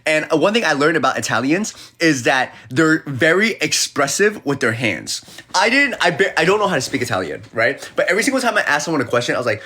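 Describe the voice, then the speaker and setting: Man, casual live-stream chat, animated storyteller with a lively, high-leaning voice. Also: fast talker, hardly any pauses, husky. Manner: animated storyteller, acting out the people he quotes.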